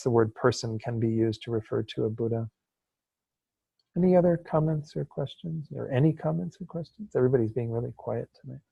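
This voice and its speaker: Relaxed man teaching an online class. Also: mid-range voice, vocal fry, no room sound, muffled recording. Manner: relaxed, explanatory, with frequent fillers and laughs. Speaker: Buddhist study teacher. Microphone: video call.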